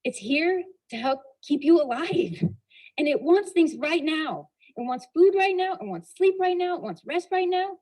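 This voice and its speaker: A woman's voice: high voice, lively intonation, normal speed, darkish tone, low-quality recording. A woman giving a motivational talk as a storyteller, acting out dialogue and asking the audience rhetorical questions. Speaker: motivational speaker.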